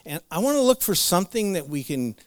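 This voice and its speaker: A man's voice: high voice, very animated, fast, no room sound. A man preaching a conversational sermon, retelling Bible stories with playful asides and laughs. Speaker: pastor.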